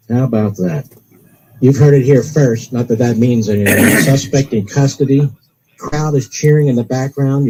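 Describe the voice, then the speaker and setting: A man hosting live talk radio, relaying a police scanner in an excitable, ranting manner. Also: medium pitch, slight background noise, low-quality recording. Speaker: radio talk show host.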